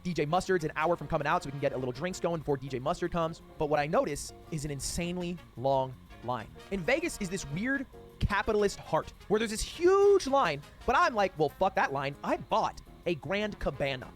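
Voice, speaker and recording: Fast-talking young man telling a story. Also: on the high side, faint music behind. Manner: animated, swears freely, does voices for people in the story. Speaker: streamer. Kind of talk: casual storytelling.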